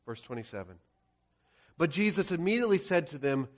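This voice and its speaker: A male pastor preaching a sermon, acting out scenes and shouting quoted lines. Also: on the high side, sing-song, fairly quick, long pauses.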